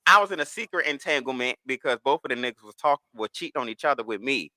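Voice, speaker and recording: A man's voice: mid-range voice, lively intonation, quick pace, bright, forceful tone, no room sound. A man as a podcast guest, telling candid stories in casual chat and slipping into the voices of people in them. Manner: candid storytelling, slips into voices of others.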